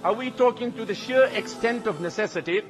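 A man preaching a sermon in an animated way, repeating phrases for emphasis. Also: high-pitched, brisk. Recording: long hall reverb, faint music.

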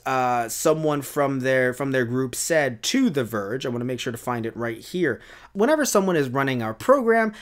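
A male YouTuber giving a ranting commentary, exasperated and emphatic, repeating words for effect. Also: on the high side.

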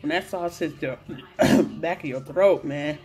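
Woman vlogger, low mellow voice, relaxed eating chatter into a phone. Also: measured pace, faint music behind. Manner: laid-back, chatty, laughs often, mumbles while eating. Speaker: mukbang vlogger. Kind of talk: casual eating chat to camera. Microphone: phone camera.

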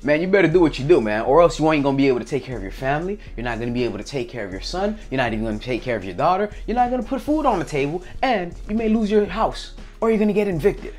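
A man's voice: fairly high pitch, big pitch swings, racing, few pauses, faint music behind, pitched below the performer's own voice. A man playing a pushy, threatening boss. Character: threatening male boss bullying a worker.

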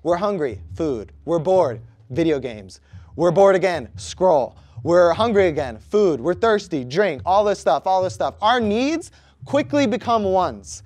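A man's voice: high voice, big pitch swings, unhurried, a little mellow, no room sound. A young man preaching to a youth group, conversational and asking the room questions. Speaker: youth pastor. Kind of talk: youth sermon.

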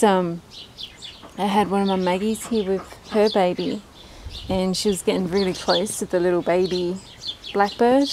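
A woman's voice: on the low side, darkish tone, a little hiss or hum. A woman, chatting casually and rambling in her backyard, often laughing. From Australia. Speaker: vlogger. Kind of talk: casual chat. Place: backyard with ducks and birds, outdoors. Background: birds and ducks.

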